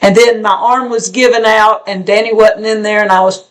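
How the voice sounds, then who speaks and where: Woman, folksy, rambling, halting restarts, casual porch chat. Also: medium pitch, steady tone. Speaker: homestead channel co-host. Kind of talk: casual porch chat reading viewer comments.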